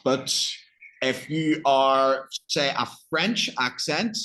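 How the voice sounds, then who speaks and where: A man with an English accent teaching a language lesson, explaining vocabulary slowly and simply with patient, plain examples. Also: medium pitch, fairly bright tone, poor audio.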